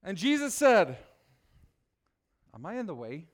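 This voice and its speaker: A man with a high, smooth voice preaches a sermon. He keeps it lively and asks his listeners questions. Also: moderate pace, pauses often. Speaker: children's preacher.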